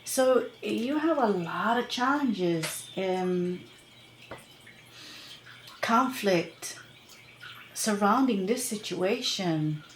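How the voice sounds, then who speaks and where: A woman's voice: medium pitch, expressive, extremely slow, pauses often, reverberant, a little hiss or hum. A woman tarot reader talking casually to her viewers, rambling and chatty, with many fillers and laughs. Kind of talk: casual tarot reading to camera.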